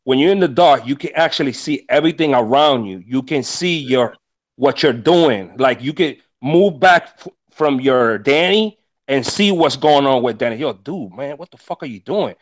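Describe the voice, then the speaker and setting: On a discussion panel, a rideshare driver with a mid-range, animated voice talks casually at a normal speed. His motivational talk is full of emphatic, preachy life advice, and he swears freely.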